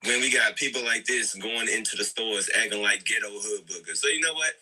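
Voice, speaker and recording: Man, low husky voice, sharp bright tone, earnest lecturing, casual commentary. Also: fairly quick, low-quality recording. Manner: earnest, lecturing, repeats himself. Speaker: co-host.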